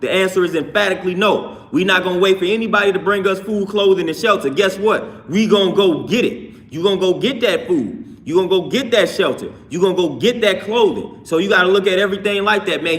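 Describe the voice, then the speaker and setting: A man's voice: sits high, quick pace, fairly bright tone. A man hosting a livestream, talking to chat in a repetitive, preachy way. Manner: preachy, repeats phrases, greets chat by name. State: just worked out. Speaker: livestream host. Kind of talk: casual livestream talk reading chat.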